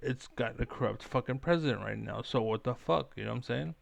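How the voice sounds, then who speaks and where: A man's voice: medium pitch, fairly quick, gravelly, loud music behind the voice. A young man rambling through a profane, repetitive, self-assured rant, sure of his own cleverness. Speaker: streamer.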